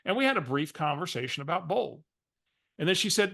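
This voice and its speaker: A man coaching, telling a lively story and acting out a phone call. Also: high voice, a little fast, vocal fry. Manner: animated storyteller, acts out phone calls.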